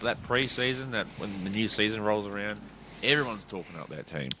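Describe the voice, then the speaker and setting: A man, co-hosting a casual podcast chat, sweary and quick to laugh. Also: on the low side, animated, background noise. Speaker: podcast co-host.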